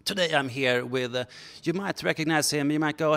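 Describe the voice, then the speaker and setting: A man's voice: fairly high pitch, brisk, vocal fry, hardly any pauses, soft background music. Playful man hosting comedy interview. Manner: playful, deadpan, jumpy. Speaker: comic celebrity reporter host. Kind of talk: absurd comic interview. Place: indoors on a sofa.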